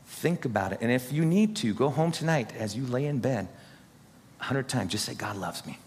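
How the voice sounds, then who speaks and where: A man's voice: mid-range voice, lively intonation, moderate pace, a little mellow. A man pastor preaching an earnest, encouraging sermon straight to his congregation. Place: church sanctuary. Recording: husky voice in a long-reverb hall.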